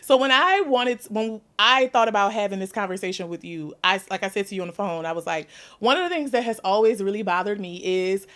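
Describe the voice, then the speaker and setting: A woman's voice: mid-range voice, a little fast, fairly bright tone. A woman in her thirties with a New Orleans accent, hosting a candid podcast conversation and laughing often as she talks. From New Orleans, USA. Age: 30s. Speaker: podcast host.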